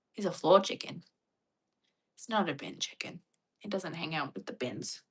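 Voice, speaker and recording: A woman's voice: on the low side, vocal fry, a bit bright, slightly rough. A young Australian woman chatting casually on a livestream with a wry, chatty manner. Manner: chatty, wry, mock-dramatic impressions.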